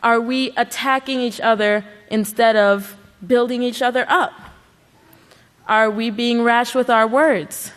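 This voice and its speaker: A woman's voice: on the high side, steady tone, measured pace, fairly bright tone. A woman giving an earnest sermon at a religious service, pressing her points with rhetorical questions. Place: large worship hall. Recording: long hall reverb.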